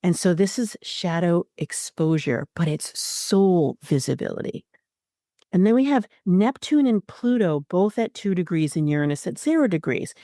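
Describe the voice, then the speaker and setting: A woman hosting an astrology podcast, giving expressive spiritual guidance with frequent fillers. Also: fairly low pitch, moderate pace, no echo, clean studio sound.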